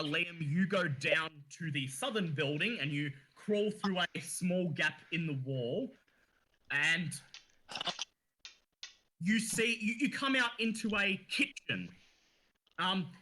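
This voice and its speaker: A man narrating a tabletop game as dungeon master, halting with frequent fillers. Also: high-pitched, pushed and bright, low-quality recording.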